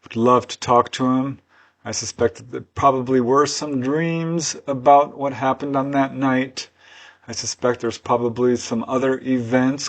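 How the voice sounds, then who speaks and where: Earnest man recounting cases. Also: medium pitch. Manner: earnest, conversational, with personal asides. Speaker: UFO researcher and author presenting cases. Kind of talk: unscripted storytelling narration.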